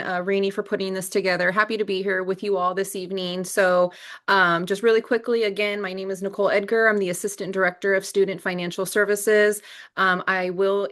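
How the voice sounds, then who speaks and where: A woman's voice: medium pitch, a bit bright. A woman presents an informational webinar over a computer mic. She sounds friendly and emphatic, leaning on key words and using frequent filler sounds. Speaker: assistant director of financial services presenting a webinar.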